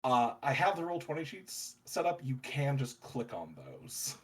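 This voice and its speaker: Dude gm-ing a tabletop game, takes his time, voice goes up and down a lot. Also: medium pitch. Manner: relaxed, unhurried explaining, laughs easily. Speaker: game master.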